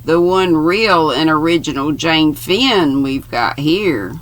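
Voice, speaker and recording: A woman's voice: sits low, lively intonation, takes it slowly. A woman voicing a brash, slangy young American man reading from a novel. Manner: slangy, breezy.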